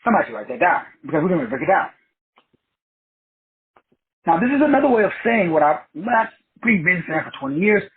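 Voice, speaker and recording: This podcast host's husky voice sits high, and he's very animated, speaking fast but with long pauses. His talk show segment is a preachy motivational monologue full of wordplay and repetition, heard through a tinny phone-like line.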